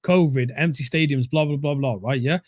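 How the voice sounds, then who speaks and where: A man's voice: mid-range voice, fairly quick, a little mellow, dry recording, studio quality. A man talking football on a fan show, blunt and opinionated, calling people mate. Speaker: co-host of a fan talk show. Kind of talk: casual football chat.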